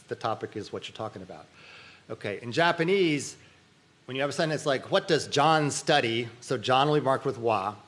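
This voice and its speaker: A man's voice: mid-range voice, a bit bright. A middle-aged man giving a university symposium lecture, explaining ideas casually and checking in with the audience by saying "okay.". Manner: conversational lecturing with frequent "okay" and restarts. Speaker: academic dean giving a symposium talk. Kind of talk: lecture on linguistics.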